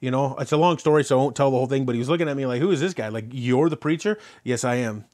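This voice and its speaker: Speaking very fast at medium pitch, a pastor from Canada delivers a sermon that starts with a story and then presses his points through rhetorical questions asked again and again. His preaching is animated, rising loud at the key moments.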